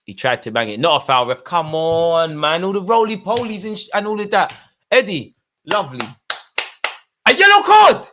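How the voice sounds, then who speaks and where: Excitable young man at a match. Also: fairly high pitch, brisk, a little hiss or hum. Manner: excitable, shouts at players and referee. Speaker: football fan channel host. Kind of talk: live match watch-along commentary.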